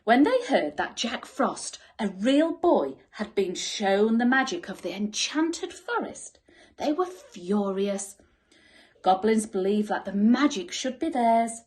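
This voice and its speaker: Slow, expressive woman reading a bedtime story. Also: a little high. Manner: expressive, dropping to soft whispers. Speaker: school teacher.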